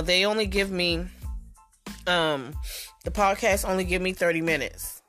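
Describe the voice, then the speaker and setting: Woman in her 30s, casual solo podcast, lowish voice, candid and frustrated, faint music behind. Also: fairly bright tone. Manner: talks straight to listeners, frustrated and candid. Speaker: podcast host.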